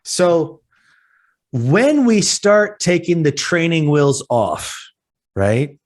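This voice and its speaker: A man's voice: on the high side, big pitch swings, drawn-out words. A man in his forties, co-hosting a casual podcast. He tells stories with energy and acts out his own panicked lines. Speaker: podcast co-host.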